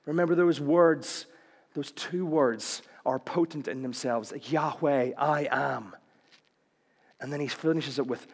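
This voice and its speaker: Man, preaching, fairly high voice, chatty and wry, long hall reverb. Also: a little slow, breathy edge. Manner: conversational, with wry jokes and questions. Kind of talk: sermon.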